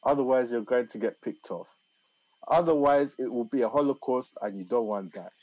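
A man's voice: medium pitch, normal speed, darkish tone, dry recording. A man, reading out football stories and mock-scolding players in casual banter. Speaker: podcast co-host reading out news.

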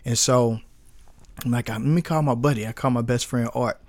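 A man's voice: medium pitch, moderate pace, dry recording. A man in his thirties from St. Louis, a business owner telling the story of how he started his company in a podcast interview, with lots of fillers and acted-out quotes. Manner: relaxed storyteller, with frequent fillers and quoted dialogue.

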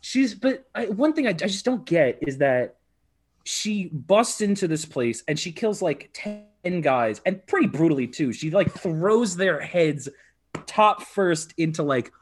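A man co-hosting a podcast in casual chat, talking in animated bursts and often restarting his sentences. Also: fairly high pitch, a little slow, slightly rough, soft background music. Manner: animated, restarts sentences, puts on quoted voices. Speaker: podcast co-host.

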